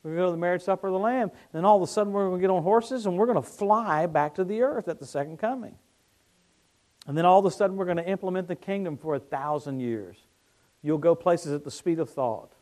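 A middle-aged man preaching a sermon, telling stories that swing from hushed tones to excited shouting. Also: sits high, fast talker.

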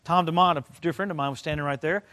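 An older man preaching a sermon, telling stories and swinging from loud excited bursts to low quiet stretches. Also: quick pace. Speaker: pastor.

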